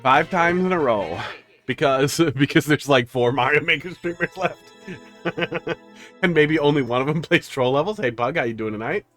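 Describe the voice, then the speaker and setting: A man's voice: a little high, moderate pace, a bit bright, faint music behind. A man streaming live, chatting casually with his viewers and cooing to his pets.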